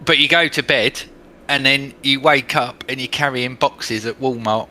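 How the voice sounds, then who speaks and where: Bright-voiced English man, blunt banter. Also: mid-range voice, moderate pace, a little hiss or hum. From England. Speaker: podcast co-host. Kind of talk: casual chat.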